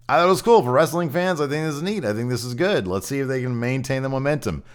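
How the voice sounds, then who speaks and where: A man's voice: medium pitch, smooth. A man hosting a wrestling podcast, giving a blunt, opinionated recap in casual chat and swearing freely.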